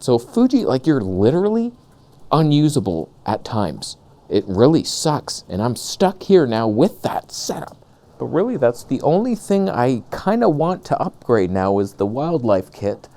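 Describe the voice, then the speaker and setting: A camera vlogger with a warm tone rants sarcastically in a comedic vlog, recorded outdoors on a lavalier mic. He jumps between high mocking voices and low grumbles.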